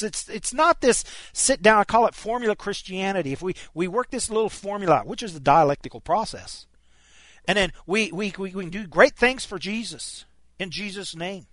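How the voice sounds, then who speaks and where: A man's voice: high-pitched, fairly bright tone, no echo. A man preaching a sermon, emphatic and stopping often to restart his words. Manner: emphatic, frequent stammered restarts.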